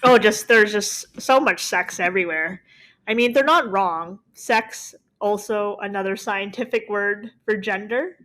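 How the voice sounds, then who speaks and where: A woman's voice: medium pitch, measured pace, a bit bright, low-quality recording. A woman co-hosting a podcast in casual comedic chat, playful and laughing often. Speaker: podcast co-host.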